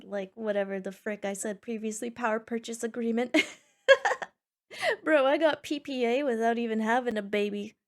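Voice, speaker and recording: A young woman streamer reading forum posts aloud and reacting in a sarcastic, animated way, with sudden loud squeals. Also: fairly high pitch. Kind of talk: casual reaction chat.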